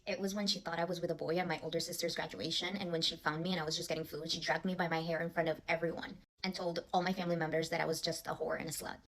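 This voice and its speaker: A woman recounting her childhood bluntly and matter-of-factly, in a quiet voice. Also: deep voice, flat delivery, rapid-fire, few pauses. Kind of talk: personal storytelling.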